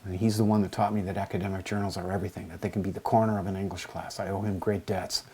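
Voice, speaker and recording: Husky older man, rambling teacher. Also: low voice, level tone, rapid-fire, a little mellow. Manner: rambling, digressive storytelling with many fillers. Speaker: English teacher. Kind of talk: lecture with a poetry reading.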